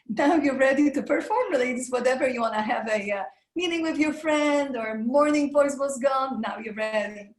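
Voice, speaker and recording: Noticeable room echo colors this clip of a webinar presenter, a voice coach leading a live online session from what sounds like a hard-walled room over video call. She encourages listeners through breathing and vocal warm-ups in a fairly high voice at a moderate pace.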